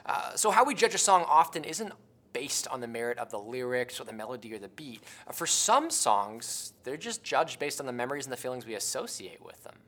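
A man preaching a sermon in an earnest, conversational way, with many "uh" fillers and restarts, slowing down to repeat key questions for emphasis. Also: mid-range voice, sing-song, a bit bright.

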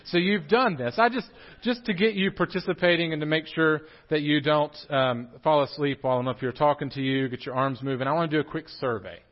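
A young man with a drawl preaches in a church, chatting and joking with his congregation. His voice sits a touch high. The recording is muffled and lo-fi. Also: fairly quick, hardly any pauses. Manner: joking, animated, talks straight to the congregation. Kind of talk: casual sermon with humor. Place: church sanctuary.

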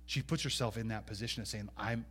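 A man preaching a sermon as pastor, animated, rising to loud emphatic peaks and dropping to quiet asides, acting out biblical speakers in first person. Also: fairly low pitch, quick pace, slight background noise.

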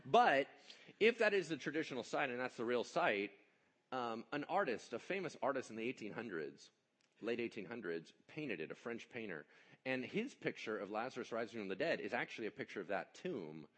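A man preaching a sermon, telling the story with animated energy and joking asides. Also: medium pitch, a little fast. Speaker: pastor.

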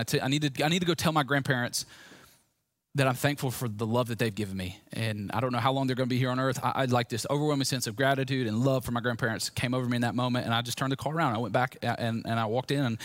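A man preaching a personal testimony sermon to a room, speaking candidly and swinging between hushed storytelling and loud, emphatic points. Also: medium pitch, fairly even intonation, fast talker, no echo. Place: room with a live audience.

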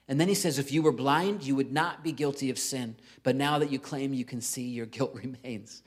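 Male pastor, animated conversational preacher, slightly high voice. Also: a little fast. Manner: animated, swings between loud emphasis and soft intimate lines; conversational, with frequent "right?" and light laughs. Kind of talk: sermon.

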